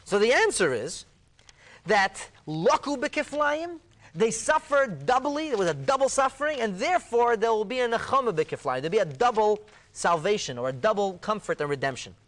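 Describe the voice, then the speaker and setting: A man, a rabbi, explaining a Talmud passage in a discussion, emphatic and animated, acting out the quoted dialogue. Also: high voice, moderate pace.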